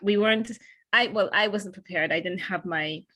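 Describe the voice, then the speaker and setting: A woman's voice: mid-range voice, moderate pace, a bit bright. A woman gives a casual report on a video call. Her voice sits in an ordinary middle range. She speaks hesitantly, with many restarts and filler words. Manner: hesitant, rambling. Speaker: meeting participant.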